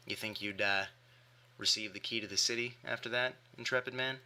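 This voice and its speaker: A man's voice: on the low side, steady tone, a little fast, bright, forceful tone. A man delivering an argumentative rebuttal monologue with emphatic rhetorical questions. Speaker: atheist commentator.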